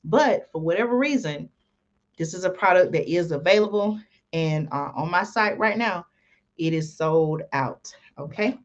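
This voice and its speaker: A woman's voice: on the low side, expressive, a little slow, muffled recording. A woman host reading from an article and adding folksy comments, with many ums and "y'all". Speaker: channel host.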